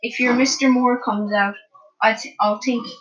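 A woman reading aloud, voicing a cheerful young man who teases gently. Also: fairly high pitch, steady tone, normal speed, muffled recording, lightly acted. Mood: teasing. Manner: easy teasing.

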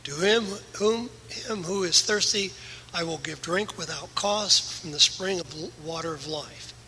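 A man's voice: fairly high pitch, unhurried, pushed and bright, slight background noise, poor audio. A male pastor delivering an earnest, emphatic sermon in a church, his volume rising and falling. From USA.

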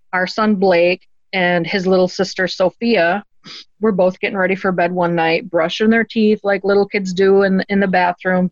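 A woman guest telling a personal story in an earnest, animated way. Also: lowish voice, dry recording. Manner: earnest, animated storyteller who acts out quotes. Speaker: interview guest. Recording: dull, dry lo-fi recording.

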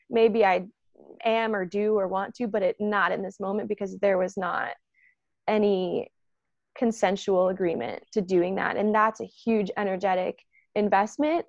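A woman with a gravelly, mid-range voice discusses energy and consent in a relaxed spiritual conversation, full of "like" and "um." She's animated and mimics the voices of people she quotes. The recording is dry, with the highs cut off.

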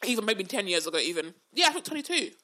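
A woman's voice: medium pitch, very fast. A woman, telling a story in casual chat and acting out the quotes. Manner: animated, acts out quotes, laughs often. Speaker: podcast co-host.

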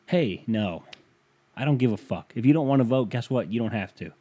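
This American podcast host works alone, going through listener emails in a rambling, profane, sarcastic way. His medium-pitched voice is warm and husky, with lively intonation and a fairly quick pace.

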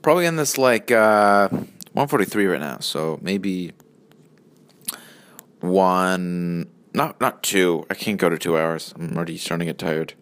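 Lively-voiced, rambling young man. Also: low-pitched, measured pace. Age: early 20s. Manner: profane, meandering, self-interrupting. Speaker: vlogger. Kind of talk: rambling solo monologue.

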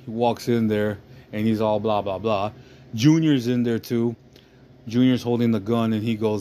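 A man's voice: lowish voice, fairly even intonation, fairly quick, dark tone. A man casually retelling a movie plot as a podcast host, rambling and swearing, often asking "you know what I mean".

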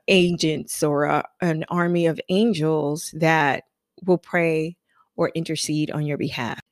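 A woman podcast host delivers a motivational talk in an unhurried, fairly low voice. She leans hard on repeated affirmations and personal stories. The sound is close and dry. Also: no room sound. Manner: emphatic, repeats affirmations, storytelling. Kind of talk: motivational monologue.

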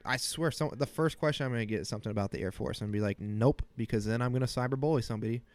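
A man's voice: mid-range voice, rapid-fire, no echo. Joking, rambling man podcaster, dry sound. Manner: joking, self-deprecating, rambling with crude humor. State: sniffling from a cold room. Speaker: podcast host. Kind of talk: casual solo podcast rant. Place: small cold home office.

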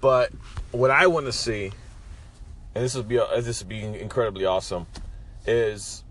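A man's voice: lowish voice, normal speed, pauses often, fairly bright tone. A man hosting his own podcast, with a froggy morning voice, giving a joking, profane morning pep talk. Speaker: podcast host.

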